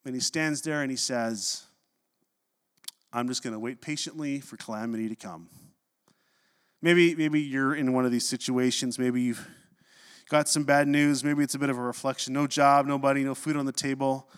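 A man preaching a sermon, telling stories with animated delivery and dropping low and slow for scripture quotes. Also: clean tone. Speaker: pastor. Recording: long reverb of a hall.

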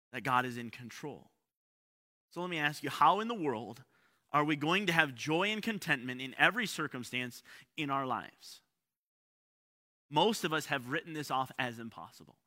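A man's voice: fairly high pitch, pushed and bright. A man pastor preaching a livestreamed sermon, repeating key lines and asking rhetorical questions, building to emphatic peaks. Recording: long hall reverb.

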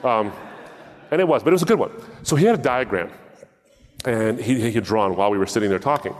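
A man's voice: fairly low pitch, expressive, quick pace, in a large hall. A man giving a talk in a sermon style, telling a story with wry humor and acted-out dialogue. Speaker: speaker.

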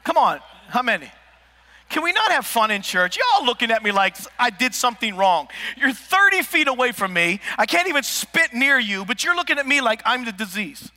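Man, preacher, high voice, very bright tone, storytelling, long hall echo. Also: moderate pace. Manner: animated storytelling with asides to the congregation. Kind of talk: comedic sermon. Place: large church hall. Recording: echoey church hall.

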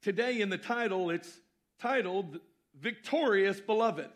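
A man preaching a sermon to his congregation, repeating key phrases and swinging between loud emphasis and quieter asides. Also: sits high, measured pace. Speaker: pastor.

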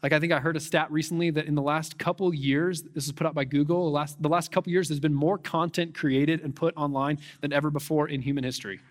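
A young man delivers a sermon in a relaxed, conversational way, tossing in fillers and questions to the congregation. His voice sits slightly high for a man and moves with animated energy. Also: fast talker, few pauses. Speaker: pastor.

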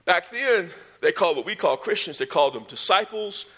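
A man delivering a sermon from the pulpit, his voice bright and sharp-edged. He sits a little higher than most men and climbs higher still as he drives a point home, with homespun asides along the way. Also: fairly quick, breathy edge. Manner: animated preaching, rising in pitch and volume when stressing points; folksy asides and sports metaphors. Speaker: pastor.

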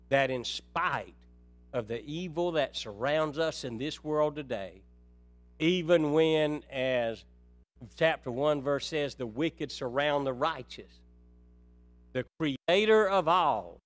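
Preacher man swinging soft to loud. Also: no echo. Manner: swings from soft and low to loud and high when stirred; addresses listeners as brethren. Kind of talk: sermon.

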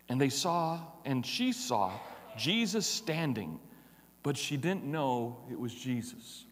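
A male pastor preaches with a high, bright voice that leaps all over its range. He slows for dramatic pauses and acts out the people in the story. His voice rings out through a reverberant church hall. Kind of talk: expository Easter sermon.

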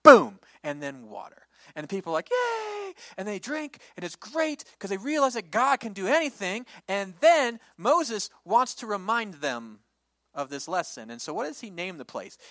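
A man preaching a lively sermon, retelling a Bible story and acting out its characters in quick voices. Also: sits high, no echo. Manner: animated, acts out the people and God in quick voices.

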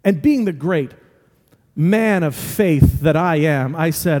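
Here the preacher speaks slowly, his fairly high, darkish voice rising and falling with lively intonation. He earnestly recounts stories in his sermon and uses repetition to press his points, with long large-hall reverb around him.

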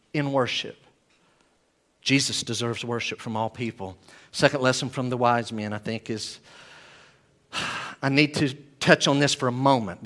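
Pastor guy preaching, kinda high voice, gets loud then drops way quiet. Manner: emphatic preaching, swinging from loud declarations to hushed asides. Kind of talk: sermon.

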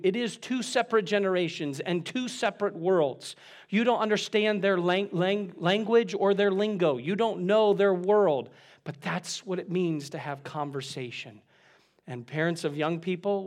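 A middle-aged man, a pastor, preaching a sermon, exhorting with emphatic peaks that drop to soft, quiet lines. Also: fairly high pitch.

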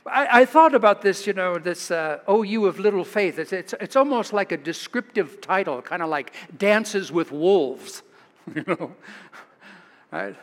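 Animated American pastor preaching in a reverberant church. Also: male voice, measured pace. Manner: animated, chuckling storyteller, rises in pitch for dramatic moments. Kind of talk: sermon. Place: church sanctuary.

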